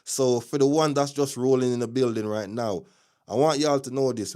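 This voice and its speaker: A man with a Jamaican accent hosting a casual live news stream, chatty and opinionated, greeting viewers with shout-outs as he talks through the day's news. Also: mid-range voice, a little fast, clear, resonant tone. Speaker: livestream news host.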